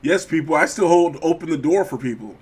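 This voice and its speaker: A man's voice: on the high side, lively intonation, fairly quick, a little mellow, slight background noise. A middle-aged man co-hosting a podcast, talking casually and profanely, often acting out quoted voices. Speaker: podcast co-host. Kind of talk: casual chat.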